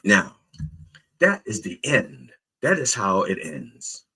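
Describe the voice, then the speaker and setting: A man's voice: deep voice, huge pitch swings, slow, sharp tone, slightly rough. A man giving a playful, comedic sermon, explaining a story with chatty asides. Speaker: preacher.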